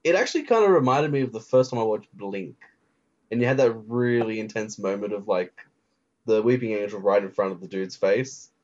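A man's voice: lowish voice, animated, fairly quick. A man co-hosting a casual podcast chat, leaning on fillers as he searches for words. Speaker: podcast co-host. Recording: slightly dull, lo-fi sound.

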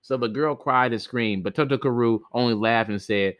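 A man's voice: mid-range voice, moderate pace, fairly bright tone, no room sound. Man reading an old folk tale. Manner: plain reading with frequent stumbles and restarts. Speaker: podcast storyteller.

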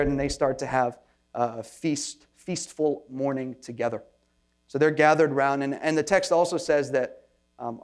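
A man preaching as a pastor in an informal, conversational sermon, with self-deprecating asides and frequent restarts. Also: a little high.

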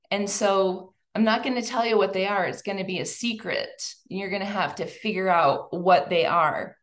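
A woman's voice: medium pitch, vocal fry. A woman giving a heartfelt personal testimony talk, speaking directly and earnestly to an audience of women. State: tearful at times.

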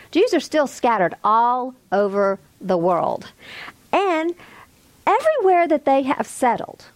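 A middle-aged woman teaching a Bible study class, with emphatic, lively stresses. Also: fairly high pitch, no room sound.

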